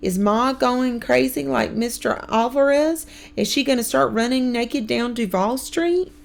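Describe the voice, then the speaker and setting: A woman reading a storybook, voicing an excitable young boy who talks in a breathless, alarmed way. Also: fairly high pitch, measured pace, gravelly, pitched above the performer's own voice.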